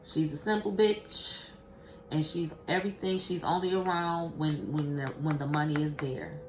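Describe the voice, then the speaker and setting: A woman's voice: deep voice, steady tone, moderate pace. A woman giving a casual spiritual card reading to her viewers, blunt and profane, speaking straight to them. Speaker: tarot card reader. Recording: echoey room with faint noise.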